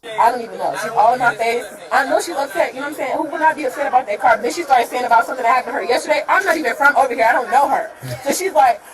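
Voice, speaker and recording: High-voiced woman rushing thru her side of a car crash story, keeps half-laughing, distant mic w/ a crowd behind. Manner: rushed, repeats herself, nervous half-laughs. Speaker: driver in a car accident. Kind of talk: telling what happened, on the street. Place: outdoors at a roadside accident scene. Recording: far from the mic, crowd noise.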